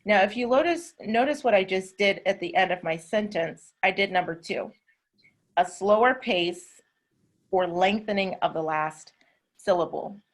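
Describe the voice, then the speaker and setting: A woman with a Southern American accent, teaching an English class over a video call and explaining patiently with drawn-out words. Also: medium pitch. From southern United States. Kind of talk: online class instruction.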